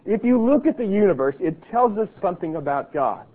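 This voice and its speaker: A middle-aged man teaching a Bible class, earnest, reading lists slowly and deliberately. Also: high-pitched, big pitch swings. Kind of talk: classroom lecture. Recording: tinny lo-fi, phone-like sound.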